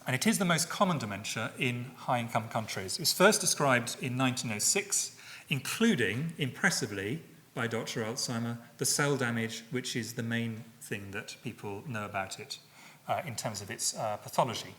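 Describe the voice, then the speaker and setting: A middle-aged man giving a public lecture, speaking in a measured way with frequent fillers and self-corrections. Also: mid-range voice, lively intonation, a bit bright.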